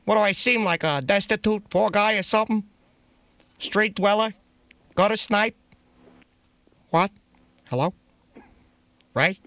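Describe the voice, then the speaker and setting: A man's voice: high-pitched, measured pace, long pauses, a bit bright, no room sound. A man making a prank phone call, talking crudely and rambling, full of profanity and chuckles. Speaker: prank caller.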